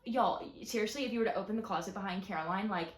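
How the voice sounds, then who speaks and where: A young adult woman co-hosting a podcast, chatting casually in an animated, teasing way. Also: medium pitch. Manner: chatty, animated, quick to tease. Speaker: podcast co-host. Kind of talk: casual chat. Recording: roomy echo.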